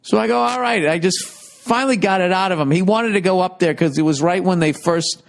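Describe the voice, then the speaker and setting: A man's voice: sits high, brisk. A middle-aged man telling stories in a casual, profane, rambling monologue with self-mocking asides. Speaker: comedian.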